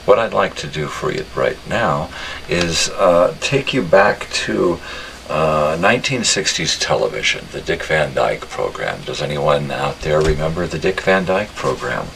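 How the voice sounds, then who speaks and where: An older man hosting a casual live-streamed nostalgia show from his home studio. He talks in a halting way, with many uh's and restarts. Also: very deep voice, expressive, gravelly, fairly bright tone, slight background noise.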